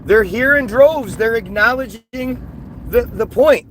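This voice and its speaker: A man with a high, bright, sharp-edged voice delivers an agitated, scornful live-stream rant, circling back and repeating himself as he answers viewers. Faint outdoor traffic hums underneath. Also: measured pace, rough recording. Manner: agitated, scornful, repetitive ranting. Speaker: livestreamer reacting to chat.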